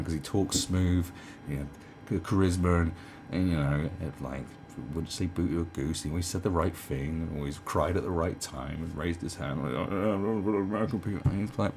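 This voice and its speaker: Deep and slightly mellow, this man's voice carries a sarcastic, profanity-laced rant about politicians, punctuated by mocking impersonations. He's a commentary channel host in his twenties or thirties, speaking casually from indoors at home with a little background noise.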